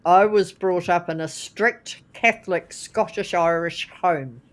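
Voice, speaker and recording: A woman with a New Zealand accent, co-hosting a casual podcast in a measured way, precise about how words are said. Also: lowish voice. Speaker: co-host.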